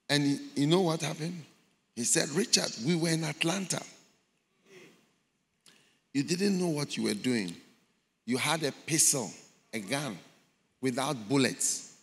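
A man's voice: a little high, measured pace, creaky, pauses often, a bit bright. A man preaching a sermon, telling a story dramatically and acting out the voices in it. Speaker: pastor. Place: large church hall. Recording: long hall reverb in a large church.

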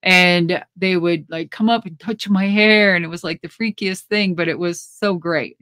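A middle-aged woman, a former pro wrestler, telling stories in a casual interview with blunt, profane, animated talk and frequent laughs. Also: fairly low pitch, moderate pace, no room sound, studio quality.

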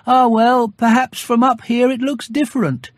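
A reader voicing Winnie the Pooh, a gentle, anxious, honey-loving teddy bear, talking in a slow, earnest, musing way. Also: mid-range voice, level tone, no room sound, studio quality, pitched above the performer's own voice, lightly acted.

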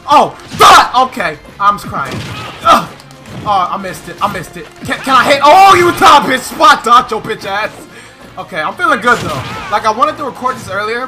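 High-voiced man shouting gameplay trash talk. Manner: loud, trash-talking, frequent shouting and laughing. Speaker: gaming commentator. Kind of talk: excitable gameplay commentary.

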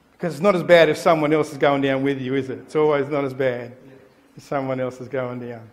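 A middle-aged man, a pastor preaching a sermon and telling an anecdote with animated storytelling. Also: medium pitch, fairly quick. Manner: animated storytelling, acting out the people in his anecdote. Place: church.

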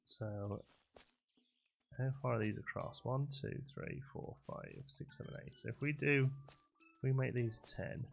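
A man's voice: mid-range voice, a little slow, vocal fry, slight background noise. A man streaming a farming game, chatting and thinking aloud as he plays. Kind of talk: casual gameplay commentary.

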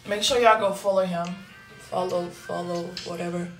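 A young woman from Brazil with a Brazilian Portuguese accent, telling loose, slangy stories in a casual livestream and reading the chat, swinging between loud bursts and low murmurs. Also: fairly even intonation, moderate pace, distant mic. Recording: echoey room with faint music.

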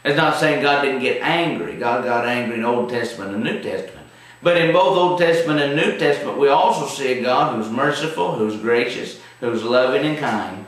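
A man's voice: mid-range voice, moderate pace. A man teaching a televised Bible study in a folksy, emphatic way. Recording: very echoey room, distant mic.

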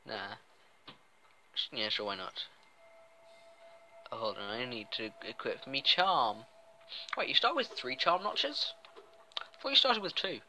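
A man's voice: medium pitch, animated, measured pace, long pauses, pushed and bright, slight background noise, poor audio. A man giving casual let's-play commentary, chatty and self-mocking as he rambles. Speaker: gameplay commentator.

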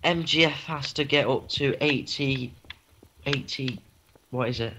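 A man's voice: mid-range voice, a little slow, noisy background. Teasing young guy on a call. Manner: teasing, crude jokes. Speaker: guest co-commentator. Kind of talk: casual banter over a voice call.

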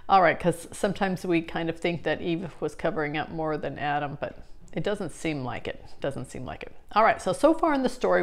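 A woman explaining scripture in a casual teaching talk, chatty and full of fillers and restarts. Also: on the low side. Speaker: Bible study teacher.

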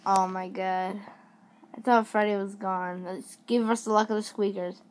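A woman's voice: mid-range voice, steady tone, normal speed, a little hiss or hum. A woman hosting a horror game let's play, easily startled and exclaiming in fright as she plays. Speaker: gaming video host.

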